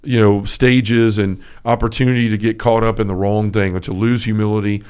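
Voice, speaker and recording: Earnest guy on a faith podcast, smooth clear voice, rambles with fillers. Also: fairly low pitch, flat delivery, a little fast, a little mellow. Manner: earnest, storytelling with lots of fillers. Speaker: podcast co-host. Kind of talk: casual faith chat.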